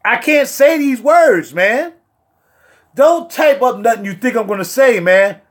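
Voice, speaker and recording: A man chats casually with viewers on his livestream. His voice sits high and swings widely as he jokes. He talks in slangy street talk, with playful outbursts. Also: a little slow. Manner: animated and joking, with playful outbursts. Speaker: fragrance reviewer and livestream host.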